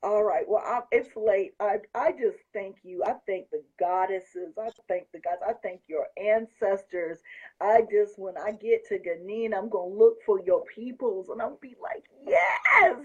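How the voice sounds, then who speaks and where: Husky woman host gushing away, muffled lo-fi audio. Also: mid-range voice, normal speed, warm tone. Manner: effusive, laughing, gushing. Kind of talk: excited casual chat.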